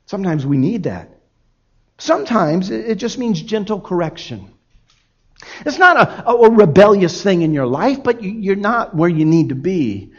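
A man's voice: high voice, sing-song, normal speed, highs cut off. A man in his forties preaching a sermon as pastor, acting out quoted voices in his examples.

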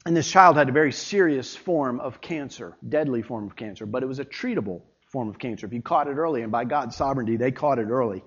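A pastor preaching a sermon with emphatic delivery, rising loud then dropping low. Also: male voice, animated, quick pace, hardly any pauses, breathy edge. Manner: emphatic preaching, swinging between loud and quiet. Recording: dull lo-fi sermon recording.

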